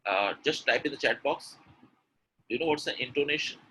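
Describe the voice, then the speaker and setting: Bright-voiced man teaching a webinar. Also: medium pitch, fairly quick, a little hiss or hum, poor audio. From India. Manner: animated, demonstrates by repeating words and answers viewers from the chat. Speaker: English pronunciation coach. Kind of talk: live online webinar teaching.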